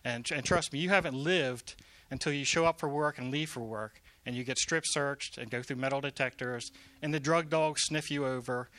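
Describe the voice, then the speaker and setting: Bright-voiced man telling a faith testimony. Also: medium pitch, moderate pace, few pauses, no echo. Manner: animated, emphatic storyteller with repeated phrases. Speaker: prison ministry worker giving a testimony. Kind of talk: testimony storytelling.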